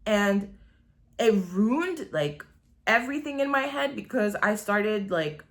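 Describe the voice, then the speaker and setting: A woman's voice: medium pitch, big pitch swings, slow pace. Girl in her 20s vlogging, rambly and candid, lots of "like", swears a bunch. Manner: candid, rambling, swears freely, many "like" fillers. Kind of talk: casual confessional storytelling.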